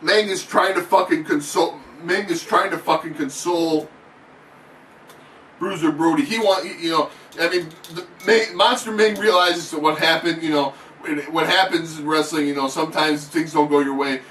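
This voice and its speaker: A man doing excitable, profane mock wrestling play-by-play commentary in an announcer's patter. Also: on the high side, normal speed, distant mic. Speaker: channel host. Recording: echoey room, off-mic, faint noise.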